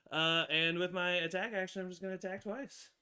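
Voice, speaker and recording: A man with a bright, forward voice pitched a little high, talking through his turn at a tabletop game. He rambles animatedly, with plenty of fillers and quick laughs. His delivery is casual and eager. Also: fairly even intonation. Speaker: player.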